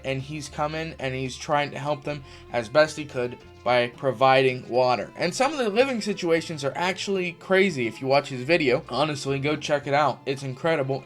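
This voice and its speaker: Chatty man with a slightly high voice. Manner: chatty, sarcastic asides, frequent fillers. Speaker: YouTube commentator. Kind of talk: casual drama commentary.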